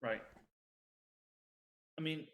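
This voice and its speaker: A young man co-hosting a podcast talks extremely slowly in a fairly bright voice. He chats casually and rambles, with plenty of fillers and restarts.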